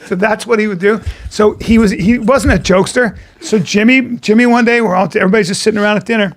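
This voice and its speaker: A middle-aged man, a podcast co-host telling stories in casual chat, animated and profane, acting out the people in them. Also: sits high, quick pace.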